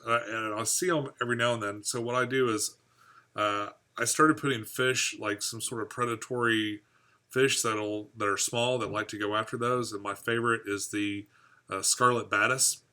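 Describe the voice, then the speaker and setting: Running a live fishkeeping stream, this host reads out viewer comments and rambles along in a relaxed, chatty manner. He laughs at his own jokes, and his voice is medium in pitch, bright and forceful.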